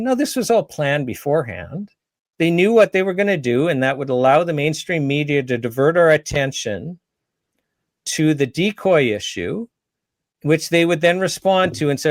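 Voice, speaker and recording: A man's voice: a little high, animated, moderate pace, no echo. A man giving impassioned, indignant and sarcastic commentary as an advocacy speaker. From Canada.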